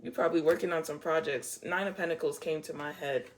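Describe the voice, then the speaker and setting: A woman's voice: low voice, fairly even intonation, quick pace, slight background noise. A woman giving a casual tarot reading to camera, playful and blunt, swearing freely and laughing often. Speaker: tarot reader.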